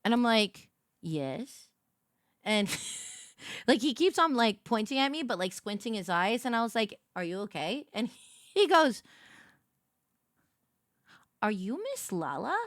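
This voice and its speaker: A young woman streaming as a VTuber, telling a story in casual chat and greeting her viewers with big, bright jumps in her voice. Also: on the high side, sing-song, unhurried, pauses often, no room sound, clean studio sound.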